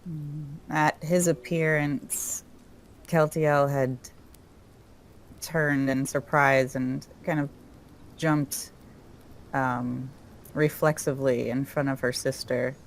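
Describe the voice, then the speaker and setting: A woman describing her character's actions in a tabletop game, measured and calm. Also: rumbling low, slight background noise. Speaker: player.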